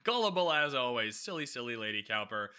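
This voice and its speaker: A man hosting a casual solo podcast recap, animated and sarcastic, swearing freely and laughing often. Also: medium pitch, fairly quick, clear, resonant tone. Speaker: podcast host recapping a TV episode.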